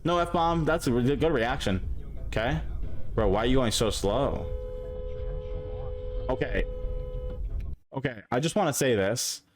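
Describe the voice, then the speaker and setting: Guy streamer ranting at bad drivers, swears a lot, mid pitch. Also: a little slow, long pauses, soft background music. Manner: profane, exasperated, talks straight to the drivers. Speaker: streamer reacting to dashcam clips. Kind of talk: casual reaction commentary.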